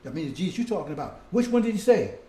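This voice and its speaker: High-pitched guy preaching casually, lots of "right?" and "see?", dark mellow tone. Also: big pitch swings, quick pace, reverberant. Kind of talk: sermon.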